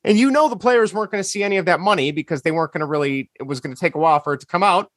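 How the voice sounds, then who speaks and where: A man's voice: a little high, racing, a bit bright, dry recording, clean studio sound. A man co-hosting a podcast, ranting sarcastically in casual chat. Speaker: podcast co-host.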